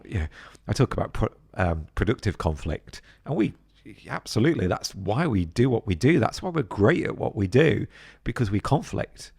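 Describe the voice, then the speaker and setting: A middle-aged British man talking as a podcast guest, telling stories in a casual, animated way and acting out other people's voices. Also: low-pitched, creaky, no echo, clean studio sound. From Britain. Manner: animated, acts out voices of others mid-story. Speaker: podcast guest, business co-founder. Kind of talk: casual interview chat.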